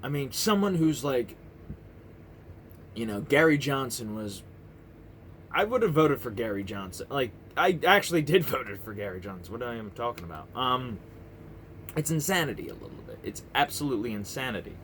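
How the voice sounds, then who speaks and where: A man's voice: medium pitch, sing-song, moderate pace, fairly bright tone, slight background noise. A man in his thirties ranting to camera in a heated, profane, rambling monologue full of restarts. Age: 30s. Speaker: vlogger. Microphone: camera mic.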